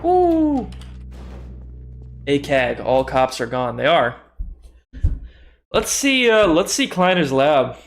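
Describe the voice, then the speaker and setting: A man's voice: medium pitch, measured pace, gravelly, pauses often. A young man casually talking through a game on a livestream, chatty and self-mocking, swearing freely and laughing often. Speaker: streamer. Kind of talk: casual gaming livestream commentary.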